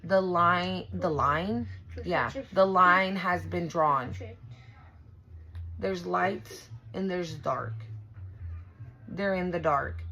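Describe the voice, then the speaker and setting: A woman with a gravelly, fry-heavy voice sitting a little low in her range. She reads cards casually for her viewers and swears freely. She is blunt and emphatic, and she often repeats herself to drive a point home. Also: very slow, pauses often, bright, forceful tone, rough recording. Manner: emphatic and repetitive, restarts often. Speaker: tarot reader. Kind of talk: casual spiritual reading to viewers.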